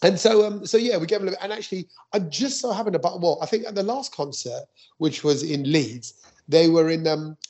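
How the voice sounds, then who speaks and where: A man, a stand-up comic co-hosting a podcast, telling an anecdote in a lively, animated way. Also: fairly high pitch, a little fast, breathy edge. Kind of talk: casual chat storytelling.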